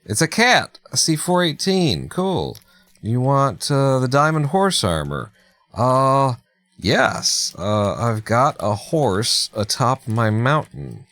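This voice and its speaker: A man's voice: medium pitch, big pitch swings, takes it slowly, a bit bright. A man chatting casually through live gameplay, joking, laughing and talking to himself as he plays. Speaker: streamer.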